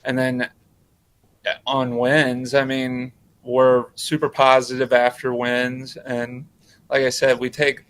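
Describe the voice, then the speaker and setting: Man, high school coach, unhurried, halting answers, mid-pitched. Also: completely flat delivery, fairly bright tone. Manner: halting, repeats words while thinking. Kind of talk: interview answers.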